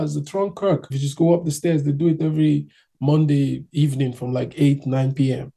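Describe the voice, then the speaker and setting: A man's voice: fairly high pitch, a little fast, gravelly, mellow, slightly rough. A man from Nigeria telling his own story in casual chat, acting out other people's voices as he goes.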